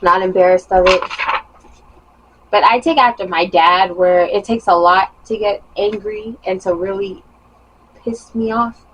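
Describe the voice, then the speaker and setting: Animated young woman telling a story. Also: medium pitch, measured pace, highs cut off, slight background noise. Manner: animated, emphatic retelling with rising bursts. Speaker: vlogger. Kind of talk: storytime monologue.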